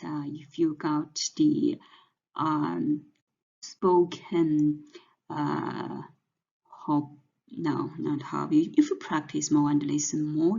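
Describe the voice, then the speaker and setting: A woman with a Mandarin Chinese accent, a native Chinese speaker, teaching a language lesson in a slow, hesitant way with many fillers. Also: low voice, creaky, warm tone, slightly rough. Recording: dull lo-fi audio.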